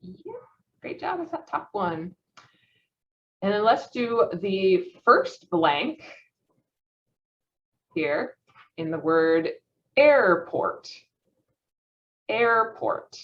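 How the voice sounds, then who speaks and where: A woman's voice: mid-range voice, big pitch swings, extremely slow, pauses often. A young woman leading a phonetics practice session, encouraging and praising answers with frequent laughs. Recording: dull muffled lo-fi audio.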